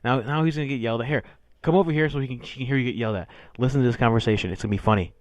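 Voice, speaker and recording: A man co-hosting a casual podcast, ranting and swearing through his stories. His voice sits at an ordinary middle pitch. The sound is dry and close to the mic. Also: very fast, no echo. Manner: profane, ranting storyteller. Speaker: podcast co-host. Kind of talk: crude casual podcast banter.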